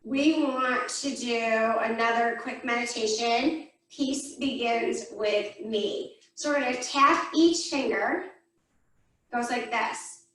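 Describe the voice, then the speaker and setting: A woman's voice: on the high side, slow, a bit bright. A woman teaching a kids yoga class over a video call, giving playful sing-song cues for the children to repeat. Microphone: laptop video call mic. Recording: roomy echo, far from the mic.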